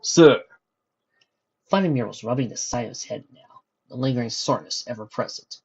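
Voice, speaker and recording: A man narrating a fan-fiction story in a steady storytelling manner, on a dull lo-fi recording. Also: medium pitch, fast, creaky, husky.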